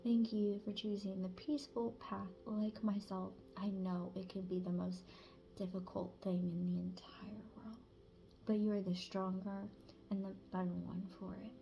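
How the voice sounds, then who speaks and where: A woman tarot reader giving a channeled spiritual reading in a blunt, casual way, swearing freely and sometimes dropping to a hush. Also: mid-range voice, level tone, normal speed, dull audio, slight background noise.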